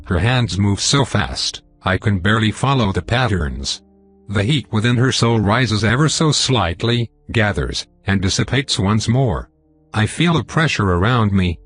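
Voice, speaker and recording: A man narrating a dark fantasy novel in the first person, with a measured, dramatic reading. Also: lowish voice, lively intonation, husky, soft background music. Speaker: audiobook narrator.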